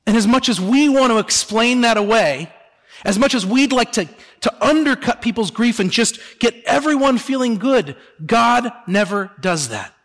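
A male pastor delivers a sermon in a high, expressive voice. He drops soft and slow on solemn words and rises on rhetorical questions to the congregation. His voice carries a long reverb through the church sanctuary.

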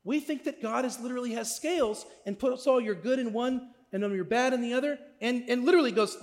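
Male pastor, high voice, conversational sermon, long hall reverb. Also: brisk, hardly any pauses. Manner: conversational, asks listeners "right?".

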